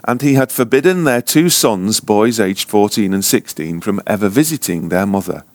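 A man preaching at a ministry school, telling a story slowly and dramatically, often sinking to a hushed near-whisper. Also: on the low side, expressive, no room sound. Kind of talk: sermon storytelling.

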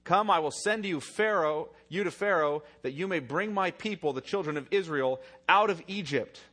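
A male pastor preaching a sermon, reading scripture and retelling it with dynamic swings from loud emphasis to quiet, hushed lines. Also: a little high, moderate pace.

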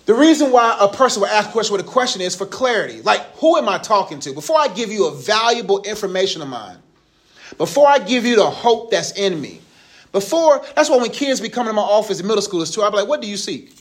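A man's voice: high voice, sing-song, fast talker. A man in his thirties giving a casual, joking Bible lesson to a youth group. He uses slang and asks the group questions.

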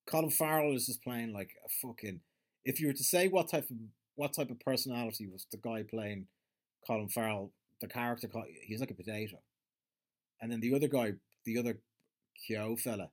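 Rambling sweary Irish man. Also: fairly low pitch. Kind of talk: casual solo chat.

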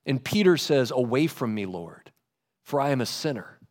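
A man preaching a sermon, lively in delivery, dropping low and soft when quoting scripture. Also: moderate pace. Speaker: pastor.

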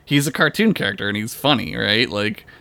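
Lively, gravelly, bright-voiced man. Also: on the low side, fairly quick, dry recording. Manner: animated, jokey storyteller. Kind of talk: casual chat.

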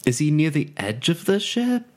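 A man's voice: on the high side, very animated, moderate pace, a little mellow. A man playing a tabletop game, giggly and playful, often asking questions. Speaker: player. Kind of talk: casual tabletop play.

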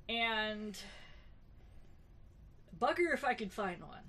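A woman's voice: fairly high pitch, animated, a little slow, pauses often, fairly bright tone. A woman co-hosting a podcast in casual chat, wry and talkative, with many fillers and restarts. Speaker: podcast co-host.

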